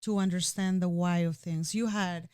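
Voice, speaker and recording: This woman's lowish voice is clear and resonant, slightly mellow, with fairly even intonation and a normal pace. The studio sound is clean, with no room sound. In a candid personal conversation she is emotional and earnest, often restarting sentences and using "you know" frequently.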